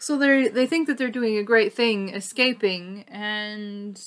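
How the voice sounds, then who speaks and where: A woman's voice: medium pitch, a little slow. A woman co-hosting a podcast, chatting casually and animatedly about a cartoon with frequent laughs. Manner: animated, laughs often, conversational. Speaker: podcast co-host.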